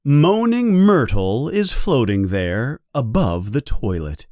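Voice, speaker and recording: A man reading a simple storybook aloud slowly and carefully for English learners. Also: mid-range voice, very animated, darkish tone, no echo, clean studio sound. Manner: slow, clear, careful. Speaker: audiobook narrator. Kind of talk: scripted narration for English learners.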